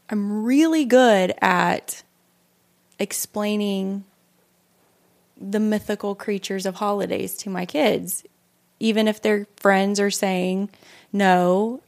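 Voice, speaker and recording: A middle-aged woman co-hosting a podcast, telling a story about her kids in a relaxed, matter-of-fact way. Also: mid-range voice. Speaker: podcast co-host. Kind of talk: casual chat.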